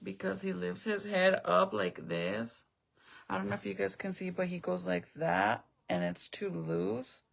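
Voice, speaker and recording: A woman's voice: on the low side, sing-song, unhurried, vocal fry. A young woman at home chatting casually on a live stream, rambling, swearing now and then and answering viewer comments. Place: at home, indoors.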